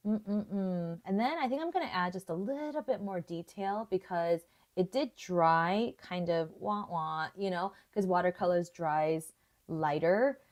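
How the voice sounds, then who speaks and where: A young woman leads a live watercolor lesson in a relaxed, chatty way, musing aloud as she works. Her voice sits a little low, and she breaks into easy laughter between comments. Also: unhurried. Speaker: art tutorial host. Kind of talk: live painting tutorial chat.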